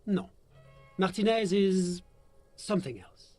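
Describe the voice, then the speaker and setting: An actor voicing a genial, persuasive male moralist in a video game, talking in a smooth, lecturing way. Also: sits high, expressive, takes it slowly, darkish tone, soft background music, heavily acted. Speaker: game character. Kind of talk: voiced video game dialogue.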